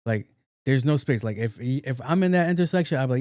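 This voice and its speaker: Casting note: young New man, podcast host, mellow low-toned voice, loose and profane. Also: brisk, dry recording, clean studio sound. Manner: profane, animated retelling with acted-out quotes. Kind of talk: casual solo storytelling.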